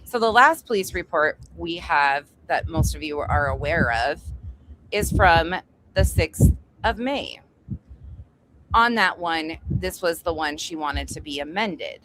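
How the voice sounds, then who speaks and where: Woman, casual livestream host, chatty, swears freely, low-ish voice, faint construction noise behind. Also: slow pace, fairly bright tone, poor audio. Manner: chatty, greets viewers one by one, swears freely. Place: indoors at home. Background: construction noise from upstairs.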